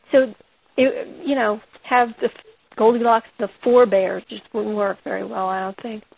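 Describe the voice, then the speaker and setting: A woman's voice: mid-range voice, level tone, normal speed, creaky, lo-fi sound, slight background noise. A woman teaching a writing lesson, asking her students questions and retelling a fairy tale to show them craft. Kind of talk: lecture on fiction writing.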